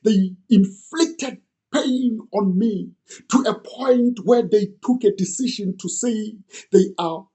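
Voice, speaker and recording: A man's voice: high-pitched, takes it slowly, mellow. A young man earnestly retelling an old story in the first person, as if he lived it.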